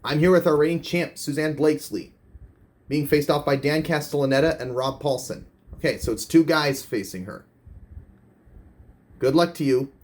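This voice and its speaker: A man's voice: fairly high pitch, normal speed, pauses often, a little mellow. A man hosting a homemade quiz show parody, using playful, teasing host patter.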